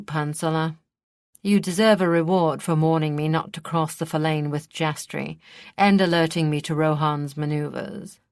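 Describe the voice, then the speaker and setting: A gruff, scheming old prince with a deep, low voice, as a woman narrator puts him on. He talks to his daughter with sly, calculating authority, dry and close to the mic in an audiobook reading. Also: dry recording. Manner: gruff, cunning. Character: scheming older male High Prince villain.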